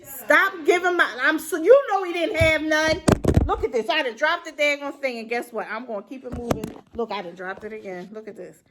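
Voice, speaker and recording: A woman's voice: high voice, a little fast, background noise. A woman reviewing a drama to camera in an unscripted, rambling rant, exclaiming and talking straight to her viewers. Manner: unscripted and unedited.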